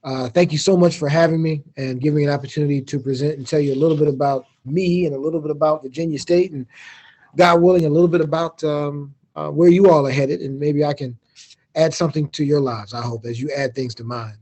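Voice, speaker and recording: Husky, mellow-voiced university president. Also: male voice, a little high, fairly even intonation, fast. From Chicago, Illinois. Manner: informal and joking, self-deprecating asides. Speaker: university president giving a keynote. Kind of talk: casual keynote talk. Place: remote, speaking over a video meeting. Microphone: video call.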